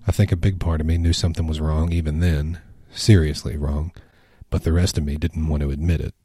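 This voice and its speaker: A man narrating a first-person horror story in a hushed, measured way. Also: low-pitched, slightly rough.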